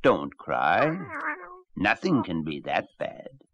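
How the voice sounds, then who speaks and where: Man doing a kindly old donkey, encouraging, lively low voice, storybook. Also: slow pace, lo-fi sound, crowd noise, exaggerated voice. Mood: friendly. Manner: friendly, encouraging.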